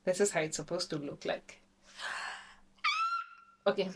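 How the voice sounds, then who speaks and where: A young woman from Namibia chatting casually in a vlog, excitable and talkative, with sudden high squeals. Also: unhurried, breathy edge. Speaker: vlogger.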